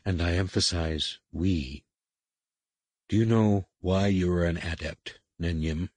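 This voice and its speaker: Stern middle-aged alien priestess-scientist, read by a male narrator; low, husky, quietly authoritative. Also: slow, dry recording. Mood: stern, measured. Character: stern female master shaper, middle-aged, commanding.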